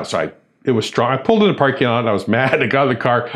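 A man from a church ministry telling a personal story in conversation, acting out what people said. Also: fast. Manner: animated, acts out quoted voices with big pitch jumps.

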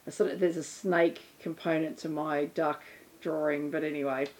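A woman's voice: low voice, level tone, normal speed, a little mellow. A woman hosting a podcast, chatting casually with her stepson and laughing at herself. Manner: chatty, self-deprecating, laughs easily. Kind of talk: casual interview chat.

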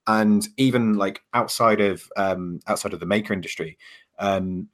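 A man's voice: fairly low pitch, moderate pace. A man in casual podcast chat, talking hesitantly with many fillers and restarts.

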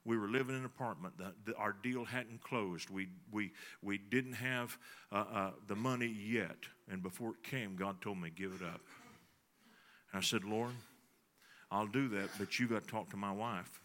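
A man's voice: on the low side, normal speed, fairly bright tone. A middle-aged man, preaching a sermon in a folksy storytelling way and talking to the congregation. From Texas. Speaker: pastor.

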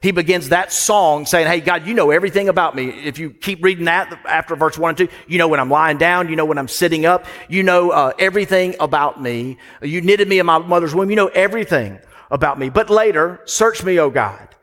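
A man's voice: on the high side, brisk, a bit bright. A man delivering a sermon as pastor, conversational and storytelling, with asides to the congregation. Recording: long hall reverb.

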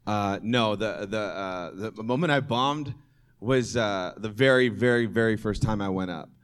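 A man's voice: fairly low pitch, measured pace, clean tone. A man on a comedy panel starting a story in a hesitant way, with many fillers. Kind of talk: casual storytelling.

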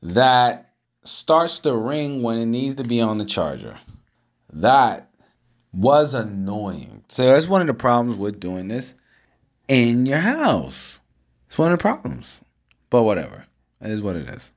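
A man's voice: medium pitch, a little slow. A man talking at home, telling a long story in a casual, slangy, profane way and acting out each person's lines. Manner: animated, profane, slangy, acts out the dialogue.

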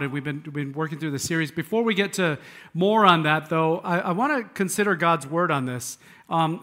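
Chatty male pastor, slightly high voice. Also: sharp tone. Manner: conversational, self-deprecating, restarts and asides. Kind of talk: sermon. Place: church sanctuary.

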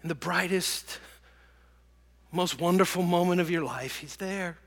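A man preaching a sermon and telling stories, dropping to hushed whispers and rising to loud bursts. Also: sits high, a little slow, creaky, big-room sound. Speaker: pastor.

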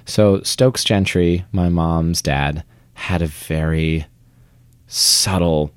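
A young man from Vermont, United States, who works in theater speaks slowly in a low, steady, smooth voice with no room sound. Casual and chatty in this conversational interview, he's self-deprecating and often trails off before starting again.

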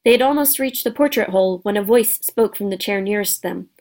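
A woman's voice: medium pitch, a little fast, darkish tone. Woman narrating a storybook. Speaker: audiobook narrator.

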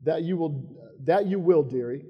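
A man's voice: fairly high pitch, unhurried, slightly rough, big-room sound, dull audio. A man with a Southern US accent voicing a motherly, plain-spoken female beaver in a read-aloud story. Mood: knowing.

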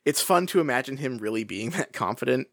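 A man co-hosting a podcast, chatting casually about a book, with many restarts and lively pitch swings. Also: quick pace, no echo, clean studio sound. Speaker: podcast co-host.

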